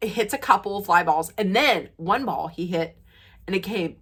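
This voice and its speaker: A woman vlogger telling stories to the camera in a casual way, laughing often, her voice jumping high and loud when she gets excited. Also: normal speed, husky.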